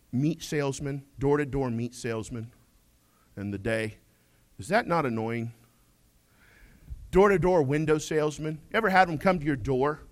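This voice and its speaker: A male pastor with a fairly high voice preaches a folksy, humorous sermon. He swings between loud declarations and quiet asides while questioning his congregation.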